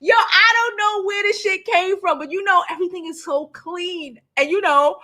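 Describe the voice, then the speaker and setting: Woman vlogging at home, high bright voice, laughing and cussing while telling stories. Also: moderate pace. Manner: animated, laughing, swearing, reacting to chat. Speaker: vlogger host. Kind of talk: casual storytelling vlog. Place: apartment in a large city.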